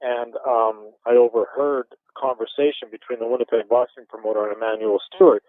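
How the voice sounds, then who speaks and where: In his fifties and from Canada, this former boxer appears as a guest in a casual interview, speaking fairly quickly at medium pitch. The audio sounds like a tinny phone line with no room sound, and he tells his stories animatedly with frequent chuckles.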